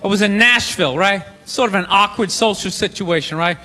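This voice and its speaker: A man's voice: sits high, brisk. A man in his forties doing stand-up comedy, ranting in a profane, exasperated way on stage in a live venue. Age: 40s. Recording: echoey hall with loud crowd. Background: audience laughter.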